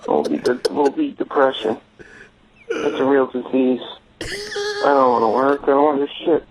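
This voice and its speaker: A man's voice: mid-range voice, very animated, normal speed, a crowd in the background. A male caller leaving a rambling, stumbling, pleading voicemail. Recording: muffled phone voicemail.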